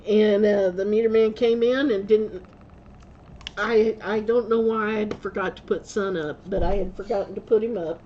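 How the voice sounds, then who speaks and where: A woman's voice: mid-range voice, steady tone, moderate pace, highs cut off, slight background noise. A woman vlogger telling rambling stories in a casual way, laughing often and correcting herself as she goes. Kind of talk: casual storytelling.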